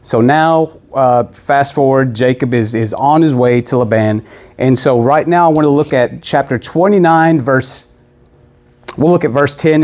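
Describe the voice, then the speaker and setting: Male preacher, casual sermon, chatty retelling with quick character voices. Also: mid-range voice, a little mellow. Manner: conversational, acts out characters' lines.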